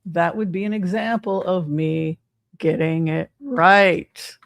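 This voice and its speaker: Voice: medium pitch, slow pace, creaky, no echo, studio quality. A psychic tarot reader giving casual livestream commentary in a chatty way, often asking the audience rhetorical questions.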